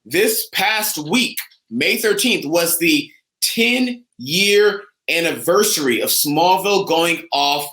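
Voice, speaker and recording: A young man from the United States, co-hosting a casual fan chat with eager, animated talk. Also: on the high side, slow pace, echoey room, rough recording. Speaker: co-host.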